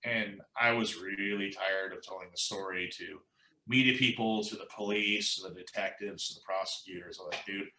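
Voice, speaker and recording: A man's voice: deep voice, moderate pace, roomy sound, slight background noise, low-quality recording. A man guest in a casual interview, telling an anecdote with lots of quoting and fillers. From United States. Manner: animated anecdote-telling, quoting others, says "like" and "you know" a lot. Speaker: musician guest.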